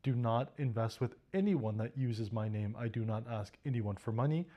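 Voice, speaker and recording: Man, mellow tone, firm and measured warning statement. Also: medium pitch.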